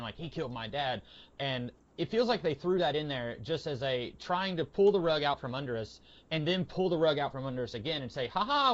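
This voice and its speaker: A man in casual podcast conversation, rambling along with plenty of fillers. He keeps slipping into quick quoted lines of what people said. The audio is somewhat muffled and lo-fi. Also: medium pitch. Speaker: podcast co-host. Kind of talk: casual comic book review chat.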